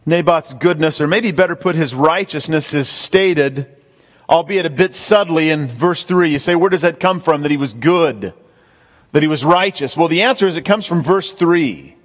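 Man, sermon, emphatic, slightly high voice, long echo of a big hall. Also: moderate pace. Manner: emphatic, repeats key points, addresses the congregation directly. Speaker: pastor.

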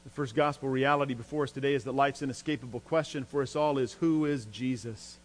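A man preaching a sermon as a pastor, emphatic, his voice climbing in pitch and force when he drives a point home. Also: steady tone, fast talker. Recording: long hall reverb with mains hum.

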